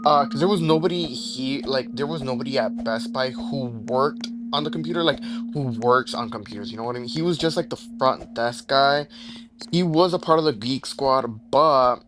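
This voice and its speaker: A man's voice: mid-range voice, moderate pace. A young man hosting a gaming channel, telling a rambling story over horror gameplay, full of fillers and swearing, breaking off to react to the game. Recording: noisy recording with steady background noise.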